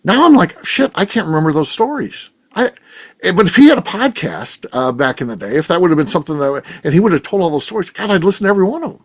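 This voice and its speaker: A middle-aged man hosting a podcast, telling a rambling story in casual chat, animated and swearing freely. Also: high-pitched, fast talker. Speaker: podcast host.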